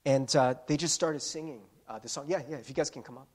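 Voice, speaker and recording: Earnest, husky-voiced male pastor preaching. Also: mid-range voice, quick pace, a little mellow. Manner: earnest, conversational, many restarts and fillers. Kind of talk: sermon. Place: church sanctuary.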